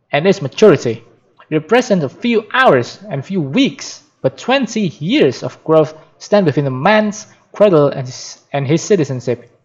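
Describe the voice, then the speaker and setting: Man, Spanish native speaker, reading a book aloud, animated pitch, careful with restarts, muffled lo-fi recording. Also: breathy edge. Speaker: reader practicing aloud. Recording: dull lo-fi sound.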